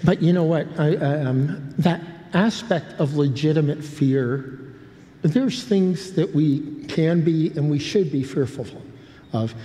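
A man's voice: on the high side, slow, warm tone. An older man preaching a sermon, telling a story with many restarts and humorous asides. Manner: rambling, self-interrupting with humorous asides. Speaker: pastor. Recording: long hall reverb.

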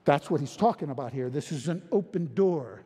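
High-voiced man preaching in a reverberant hall. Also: lively intonation, a little fast, mellow, breathy edge. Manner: emphatic preaching with frequent repetitions and restarts. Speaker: pastor. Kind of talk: sermon.

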